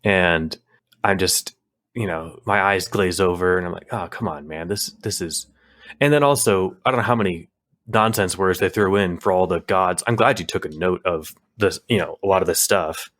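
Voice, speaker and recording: Deep-voiced guy rambling thru a casual podcast chat, lots of ums and restarts. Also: moderate pace, a bit bright. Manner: rambling, many fillers and restarts. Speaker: podcast co-host.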